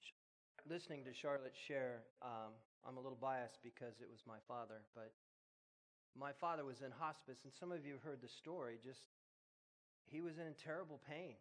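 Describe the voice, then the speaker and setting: A man's voice: mid-range voice, moderate pace, long reverb tail. A man preaching to a church congregation, telling a personal story and then leading an earnest, prayerful altar call. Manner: earnest, prayerful, builds in intensity when moved. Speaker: pastor. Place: church sanctuary.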